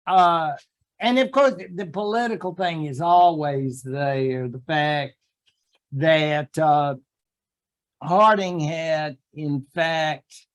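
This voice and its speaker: A man giving a university history lecture in a classroom, with joking asides and acted-out quotes of historical figures. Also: fairly high pitch.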